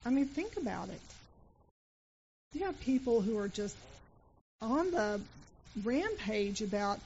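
A middle-aged woman gives a sermon, moving between casual storytelling and earnest appeals to her congregation. Her voice sits a little high. The church recording is muffled and lo-fi, with faint hiss underneath. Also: big pitch swings, slow pace, darkish tone. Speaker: preacher. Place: church sanctuary.

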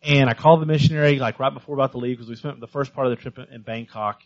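A man's voice: mid-range voice, rapid-fire. Eager male missions speaker, dull recording. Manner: lively storyteller, stumbles over repeated words. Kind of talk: missions talk at a church. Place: church in front of a congregation.

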